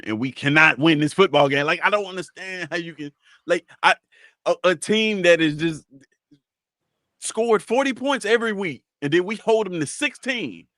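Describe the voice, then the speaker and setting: Lively, exasperated sports-talk man. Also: on the high side, dry recording, clean studio sound. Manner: exasperated, incredulous. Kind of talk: casual sports reaction chat.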